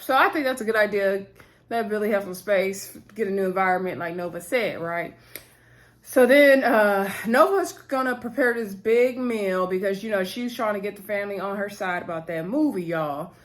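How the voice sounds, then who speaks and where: A woman's voice: mid-range voice, moderate pace. A young woman talking casually to her viewers, chatty and full of fillers as she recaps a TV episode.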